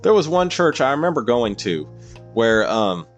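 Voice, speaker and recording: A man's voice: mid-range voice, sing-song, moderate pace, highs cut off, soft background music. A man streaming a game and casually chatting through viewer comments in a rambling way. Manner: rambling, with frequent fillers and laughs. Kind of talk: casual livestream chat, reading viewer comments.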